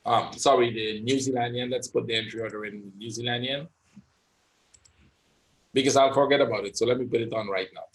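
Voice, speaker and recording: A man's voice: medium pitch, fairly even intonation, a little fast, long pauses. Man thinking aloud over live trades. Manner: thinks aloud, often adds "right?". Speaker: trading instructor. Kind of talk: live trading session commentary.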